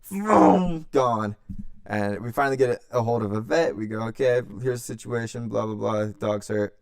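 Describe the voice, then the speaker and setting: A man's voice: on the low side, fairly even intonation, moderate pace, clear, resonant tone, no echo, studio quality. A young man, hosting a podcast and telling a long story in a loose, profane way, acting out quotes as he goes. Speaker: podcast host. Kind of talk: casual storytelling.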